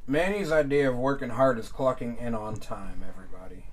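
A young man hosting a podcast in casual chat, talking loudly, laughing often and swearing freely. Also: medium pitch, a little fast, low-quality recording. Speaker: podcast host.

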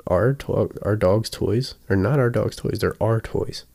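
A man's voice: on the low side, unhurried, vocal fry, warm tone. A man teaching dog training in a casual, chatty way, often checking in with his listeners and acting out his examples. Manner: acts out examples with sudden bursts.

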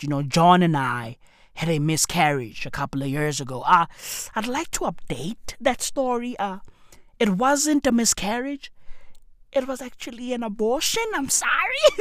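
A woman putting on a sheepish celebrity woman confessing online, halting and mock-apologetic. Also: mid-range voice, a bit bright, dry recording, studio quality.

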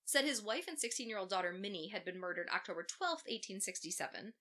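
Female podcast co-host, casual true-crime storyteller, profane and sarcastic, bright forceful voice. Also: medium pitch, animated, quick pace, hardly any pauses. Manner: profane, sarcastic asides while recounting facts.

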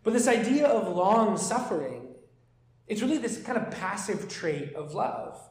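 A man in his thirties with a Canadian accent, preaching a sermon in a relaxed, conversational way and slowing down for scripture readings. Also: high voice. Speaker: pastor. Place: church hall. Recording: echoey church room.

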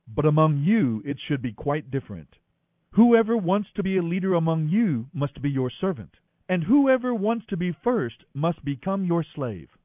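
A man reading aloud, voicing a calm teacher who speaks in a measured, earnest way. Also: fairly high pitch, no echo. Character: calm adult male teacher, patient and firm. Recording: dry, thin phone-like audio.

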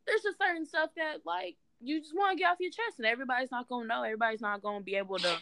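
Lively, bright-voiced woman laughing. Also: high-pitched, rapid-fire, gravelly, dry recording. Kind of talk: casual chat.

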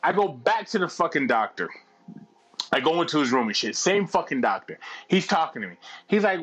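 A middle-aged man telling a long anecdote in casual chat, profane and animated, laughing as he goes. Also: fairly high pitch, brisk, slightly rough.

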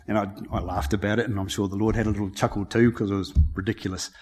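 A man's voice: on the low side, expressive, quick pace, husky. Chatty new man giving testimony. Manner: warm, chatty, laughs often, emotional. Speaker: lay preacher. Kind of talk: personal testimony before a sermon.

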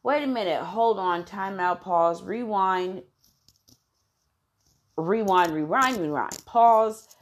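A woman vlogger telling a story to her viewers in a casual, animated way, blunt and full of swearing, with lots of "you know". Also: medium pitch, slow pace, long pauses.

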